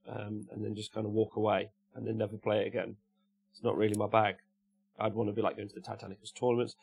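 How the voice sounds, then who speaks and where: A man's voice: lowish voice, gravelly, a little mellow, a little hiss or hum. A man with an English Midlands accent, hosting a casual livestream, reading out viewers' chat messages and answering them with jokes. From Cannock, England.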